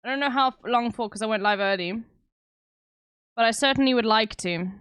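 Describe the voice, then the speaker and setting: South African woman, young adult, streamer; high pitch, blunt and sarcastic, dry close sound. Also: a little fast, a bit bright, clean tone, no echo. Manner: blunt, sarcastic, swears often. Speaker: livestreamer. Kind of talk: casual chat with stream viewers.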